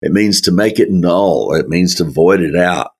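A man leading a verse-by-verse Bible study, speaking in a slow, folksy way with chuckling asides. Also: deep voice, breathy edge. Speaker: Bible teacher.

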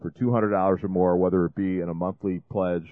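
Speaking low, steady and brisk with no echo, the ministry host delivers a rambling appeal for donations packed with fillers and false starts. The sound is dry and phone-like lo-fi.

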